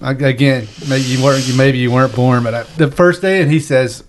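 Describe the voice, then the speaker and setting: A man's voice: mid-range voice, steady tone, brisk, few pauses, slight background noise. A man, a chef guest, telling rambling anecdotes in casual podcast chat. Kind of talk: casual storytelling.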